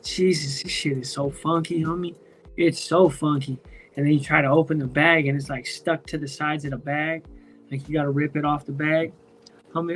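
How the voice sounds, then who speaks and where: A man chatting casually on a home live stream, loose and profane, full of slang and restarts, high from smoking weed. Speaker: streamer talking to chat. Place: at home, indoors.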